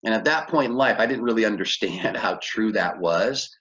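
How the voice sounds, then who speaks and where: A man's voice: moderate pace, fairly bright tone, dull audio. A man coaching business owners, telling a story in a conversational way and acting out the dialogue. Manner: conversational, acts out dialogue with big pitch jumps. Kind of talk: motivational storytelling lecture.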